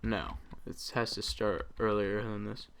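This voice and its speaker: A man's voice: lowish voice, steady tone, unhurried, fairly bright tone, a little hiss or hum. A man hosting a let's play, chatting casually over his gameplay and rambling with many ums and uhs.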